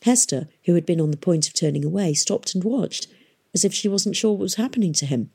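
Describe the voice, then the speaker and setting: Audiobook narrator: woman, low, husky, mellow, measured delivery. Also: animated. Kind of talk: scripted narration.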